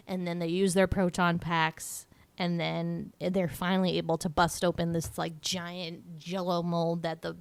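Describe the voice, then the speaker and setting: A woman's voice: fairly low pitch, clear, resonant tone, no room sound. Woman co-host, casual chat, dry close sound, laughs and acts out quotes. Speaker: podcast co-host.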